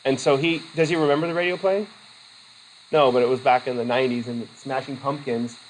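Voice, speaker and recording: A man's voice: mid-range voice, steady tone, a little fast, slight background noise, poor audio. A male instructor giving a casual, rambling classroom lecture, often interrupting himself mid-sentence. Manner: chatty, rambling, self-interrupting. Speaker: college instructor.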